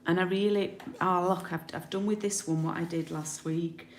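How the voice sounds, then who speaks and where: A woman's voice: fairly low pitch, steady tone, moderate pace, slight background noise. A woman from the UK demonstrating card making in a chatty live tutorial, thinking aloud as she works. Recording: roomy home recording.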